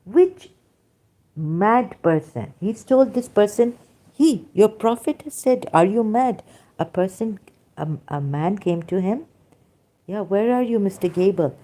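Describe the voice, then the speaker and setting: Reading her chat aloud, this middle-aged livestream host talks in an unhurried, medium-pitched voice. She's casual but animated and emphatic, leaning on lots of filler words.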